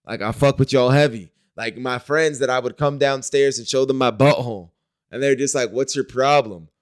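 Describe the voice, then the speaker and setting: A young man speaking straight to his camera in a loose, diary-style vlog. His voice is smooth and clear, at an ordinary pitch for a man. He wanders from thought to thought, full of slang and easygoing fillers. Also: normal speed. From Wisconsin, US. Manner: rambling, slangy, frequent "like" and "you know". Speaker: vlogger. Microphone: talking to a camera.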